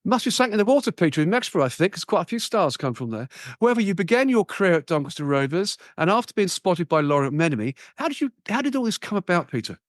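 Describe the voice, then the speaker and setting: A man's voice: a little high, sing-song, quick pace, dry recording, studio quality. A man hosting an interview podcast, asking questions in an enthusiastic, chatty way. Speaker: podcast host.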